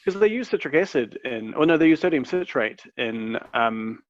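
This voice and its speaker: A man's voice: mid-range voice, lively intonation, normal speed, no echo. Man explaining, on a dull mic. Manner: explains facts with many ums and you-knows. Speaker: podcast co-host. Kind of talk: casual group chat.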